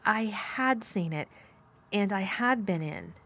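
A woman's voice: medium pitch, lively intonation, takes it slowly, fairly bright tone, exaggerated voice. A woman voicing a blunt, frank young girl. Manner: frank, plain-spoken.

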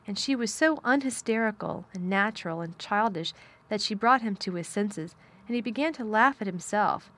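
A woman narrating a children's novel as an audiobook. She reads at a calm, measured storytelling pace. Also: mid-range voice. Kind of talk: audiobook reading.

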